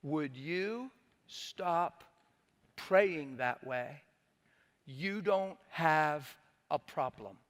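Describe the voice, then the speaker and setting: God speaks in a gentle, calm, unhurried voice, as a male preacher puts him on. The tone is bright and fairly high, each phrase slow and soft.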